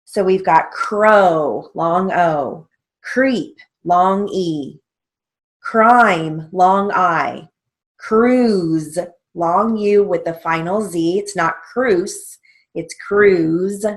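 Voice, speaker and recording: A woman walks students through a stenography theory lesson. She speaks slowly and carefully, in a slightly low voice, and spells out letters and key strokes one by one. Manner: slow, methodical, spells out letters and keys. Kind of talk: instructional lesson walkthrough.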